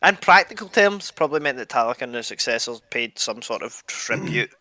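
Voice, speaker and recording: A man's voice: mid-range voice, lively intonation, a little fast, bright, forceful tone, no room sound. A man co-hosting a history podcast, reading passages aloud and adding dry jokes. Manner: reads passages then jokes dryly. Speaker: podcast co-host.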